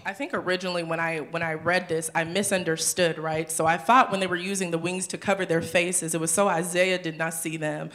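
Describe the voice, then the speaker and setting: A speaker in a relaxed Bible discussion who reads verses aloud and then riffs on them. The tone is playful, with little imagined scenes acted out along the way. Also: mid-range voice, fairly quick, hardly any pauses. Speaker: co-host of a church discussion show. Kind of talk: casual Bible study discussion and scripture reading.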